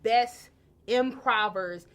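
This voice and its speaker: A woman's voice: fairly high pitch, very slow. A woman from hosting a podcast, chatting casually, laughing often and swearing freely. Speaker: podcast host. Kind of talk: casual chat.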